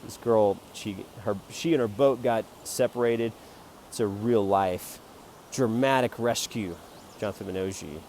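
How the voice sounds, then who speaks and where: A man with a somewhat low voice rambles through a jokey, self-promoting pitch for his photo prints. He swings from loud, excited bursts to quiet mutters, and faint vehicle noise hums behind him. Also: unhurried, hardly any pauses. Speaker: amateur photographer selling prints.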